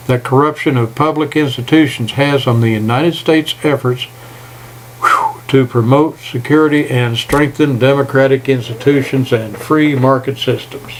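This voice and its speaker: An older man giving a folksy, indignant political rant, pausing to read stumblingly from notes. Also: medium pitch, a little hiss or hum, low-quality recording. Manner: folksy, reads haltingly, indignant. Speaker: political commentator. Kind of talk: opinion rant to camera.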